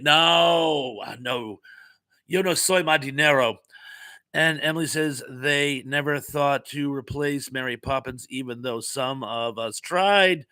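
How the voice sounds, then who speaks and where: A middle-aged man from the Northeastern US hosts a relaxed live chat. He reads viewer comments aloud and tosses in puns and chatty, self-deprecating asides. His voice is bright and crisp, recorded close and dry. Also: mid-range voice, no echo.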